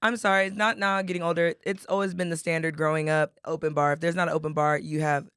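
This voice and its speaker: A woman co-hosting a podcast in casual chat, her voice hoarse and nearly gone, telling stories with energy. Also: low voice, level tone, fast talker, a bit bright, no room sound, studio quality. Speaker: podcast co-host.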